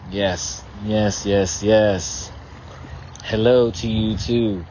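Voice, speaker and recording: On a pier by the water, a man speaks in a lowish, steady, darkish voice at a very slow pace, teary and near crying as he offers a profane, emotional prayer to a spirit. He's a vlogger leading the prayer in an outdoor vlog, and the audio is dull with slight background noise.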